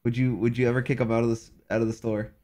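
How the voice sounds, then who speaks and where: A man's voice: mid-range voice, little pitch movement, racing, warm tone. A young man in a casual podcast chat, laughing as he spins playful hypothetical scenarios. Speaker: podcast co-host.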